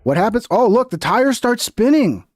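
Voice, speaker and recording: Man, high-pitched, dry close mic, heated profane commentary. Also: big pitch swings, normal speed, no echo. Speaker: political commentary streamer.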